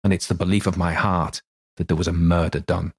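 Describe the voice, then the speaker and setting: A man's voice: sits low, little pitch movement, a little fast, vocal fry, slightly rough, heavily acted. A man doing an earnest, frightened old butler. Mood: insistent. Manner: earnest, plain-spoken servant's speech.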